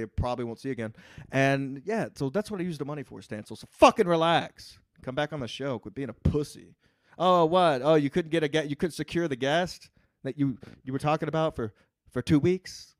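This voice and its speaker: A man hosting a podcast solo, reading the live chat and ranting with lots of swearing, swinging from muttering to yelling. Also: medium pitch, no room sound, clean studio sound. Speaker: podcast host. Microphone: podcast microphone.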